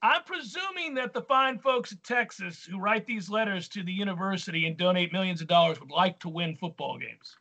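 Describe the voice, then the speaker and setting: Male sports talk host, high bright voice, emphatic and animated. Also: a little fast, hardly any pauses. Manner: animated, emphatic, reads listener questions. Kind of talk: casual sports radio chat.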